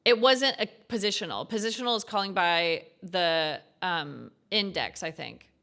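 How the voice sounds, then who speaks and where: A woman's voice: lowish voice, moderate pace, a bit bright. A young woman streaming as she codes, thinking aloud and reading lesson text half to herself. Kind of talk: casual coding stream commentary.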